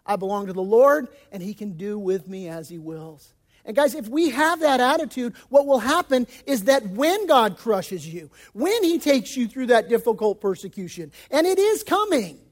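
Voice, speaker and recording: High-voiced pastor preaching folksy. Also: male voice, very animated, normal speed. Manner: folksy, emphatic preaching with casual slang; shifts between loud emphasis and hushed, quiet passages. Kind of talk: sermon.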